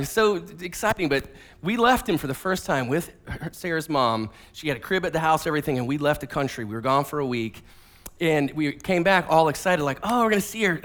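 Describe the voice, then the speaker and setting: A man in his forties preaching a casual sermon, telling family stories in a conversational, animated way with many fillers and restarts. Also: high-pitched. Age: 40s. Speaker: pastor.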